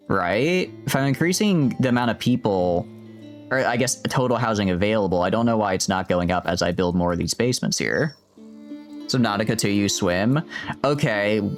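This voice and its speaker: A man streaming a game, rambling and joking with his chat in casual gameplay commentary. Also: fairly low pitch. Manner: rambling, jokey, talks to chat.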